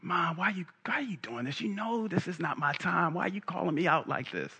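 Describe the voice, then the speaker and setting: A man doing an exasperated son pleading softly. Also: sits high, lively intonation, brisk, gravelly, breathy edge, voice pushed up, heavily acted. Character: exasperated young man pleading with his mother.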